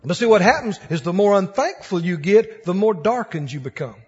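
A man's voice: high-pitched, expressive, brisk, darkish tone, slightly rough, lo-fi sound. A man preaching a sermon to a congregation, fervent and repetitive, building emphasis, recorded in a hall.

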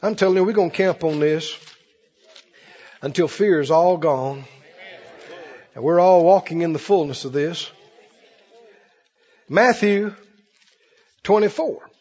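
A man preaching a sermon in an animated way, slipping into mocking put-on voices. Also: a little high, unhurried, pauses often, husky. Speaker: pastor. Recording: dull recording in a reverberant hall.

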